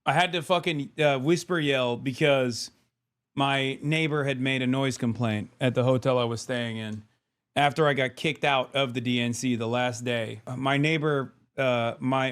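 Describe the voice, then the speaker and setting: A man's voice: mid-range voice, steady tone, moderate pace, fairly bright tone, smooth. A man streaming live, reacting to clips and ranting about politics with frequent swearing. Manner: profane, ranting political commentary.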